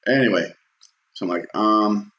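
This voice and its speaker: Man, deep voice, loose anecdotal storyteller, pops up for quoted lines; roomy echo. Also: normal speed, a bit bright. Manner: rambling, many fillers and restarts; acts out quotes in a raised voice. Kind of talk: casual personal storytelling.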